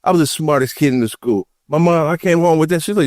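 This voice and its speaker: A man on a podcast panel telling personal stories in casual chat, animated and acting out the voices of the people he quotes. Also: fairly high pitch, fast talker, no echo, clean studio sound. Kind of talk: casual roundtable chat, storytelling.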